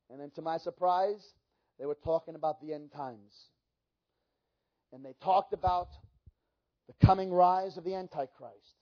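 Male preacher, middle-aged, high voice, fervent testimony, muffled lo-fi sound. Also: dark tone. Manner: fervent, dramatic storytelling with many restarts. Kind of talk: sermon testimony.

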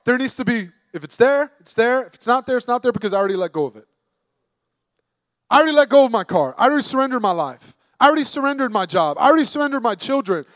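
A man with a strikingly high voice preaches a sermon. He talks emphatically and conversationally and keeps asking his listeners questions. The sound is dry and close, with no room echo. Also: a bit bright.

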